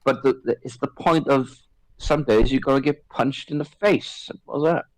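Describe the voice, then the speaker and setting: A man's voice: mid-range voice, moderate pace, no room sound, rough recording. A man talking reflectively in casual chat, comparing trading to boxing.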